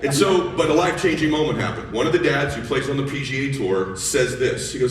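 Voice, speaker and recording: A man's voice: medium pitch, expressive, a little fast, few pauses, slight background noise. A middle-aged man giving a motivational talk, telling a story with animation and acting out the dialogue. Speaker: motivational speaker. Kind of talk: motivational speech to an audience. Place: large hall with audience laughing. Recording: echoey hall, voice from far off.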